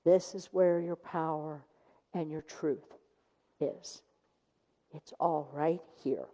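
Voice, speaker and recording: A woman's voice: low voice, steady tone, slow, dark tone. A woman minister giving a sermon, telling a story and acting out the voices of its people. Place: church sanctuary. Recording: dull sound with long hall reverb.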